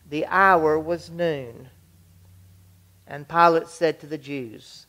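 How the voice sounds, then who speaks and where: A reader at a church service, reading scripture in a measured, steady way. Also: medium pitch.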